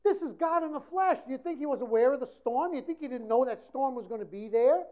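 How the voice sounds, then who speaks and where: A woman preaching a sermon with passion, swinging between loud emphasis and hushed passages. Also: high voice, animated, quick pace. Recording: dull lo-fi recording.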